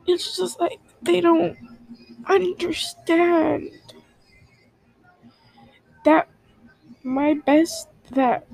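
A young woman student venting about her parents in a halting, hurt way, full of fillers, in an emotional confessional vlog. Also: high-pitched, mellow, dry recording, rough recording.

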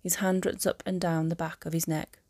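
A woman narrating a fan audiobook in a calm, even storytelling manner. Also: on the low side, moderate pace, no room sound, studio quality.

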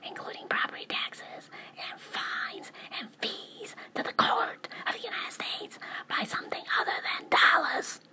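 A woman's voice: unhurried, few pauses, pushed and bright. A woman talking in a whisper, rambling from one thought to the next and asking rhetorical questions. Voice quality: mostly whispered. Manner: rambling, jumps between topics, asks rhetorical questions.

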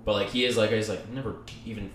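A man co-hosting a casual chat, halting and restarting his sentences and laughing. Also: fairly low pitch, steady tone. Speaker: podcast co-host. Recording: echoey room with faint hum.

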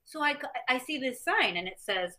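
A middle-aged woman from the US Midwest, a guest telling animated stories in an interview and acting out other people's lines. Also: high voice, normal speed. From Missouri, US Midwest. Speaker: guest, former champion fighter and stuntwoman. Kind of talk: interview storytelling.

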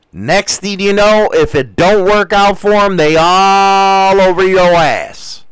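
A man in a livestream chat with a fairly high, very lively voice that swoops up and down as he talks. He goes slowly and rambles, dropping crude, profane jokes. The sound is dry and close, with no room around him. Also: smooth, dry recording. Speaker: livestream host reading chat. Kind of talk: casual crude livestream commentary.

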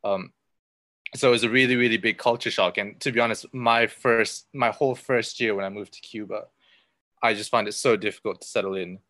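A man's voice: fairly low pitch, fairly even intonation, a little fast, pushed and bright, dry recording. A man chatting casually in a group, reflective and full of fillers.

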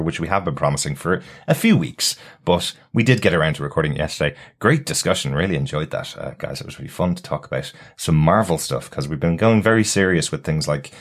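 Brief: low-voiced male podcast host, chatty, laughs a lot. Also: animated, fast, hardly any pauses. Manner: chatty, laughs often, lots of fillers. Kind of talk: casual podcast chat.

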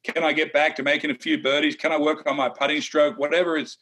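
A man's voice: a little high, level tone, fast, fairly bright tone. A man who is a former tour golfer co-hosting a golf analysis chat, blunt and emphatic with some teasing.

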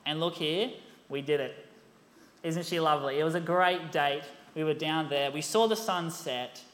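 Animated young preacher in an echoey hall. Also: male voice, a little high, moderate pace. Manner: animated storytelling, rhetorical questions. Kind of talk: sermon. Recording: echoey hall, long reverb.

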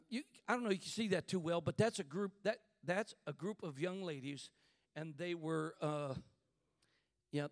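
A man preaching a fervent sermon in church, building to shouts and calling out to the congregation. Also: on the high side, no room sound, clean studio sound.

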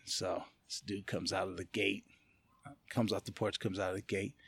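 A man from California, a podcast guest, telling a personal story in a loose, animated way and often laughing as he talks. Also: sits low, creaky, slight background noise. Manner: animated, acts out other people's lines in quick voices. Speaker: podcast guest, martial arts gym owner. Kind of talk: casual storytelling.

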